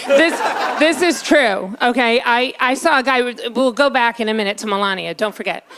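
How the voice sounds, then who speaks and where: A woman's voice: on the high side, moderate pace. A woman doing stand-up in a comedy club, brash and teasing, talking straight to the audience. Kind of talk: stand-up set. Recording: live club, crowd laughter and noise.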